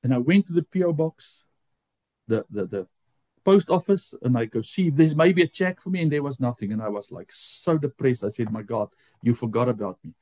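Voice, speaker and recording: Man preaching a lively personal testimony. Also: normal speed, no room sound. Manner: animated storytelling, jumps high when quoting his own complaints. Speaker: pastor. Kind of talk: sermon testimony. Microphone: close mic.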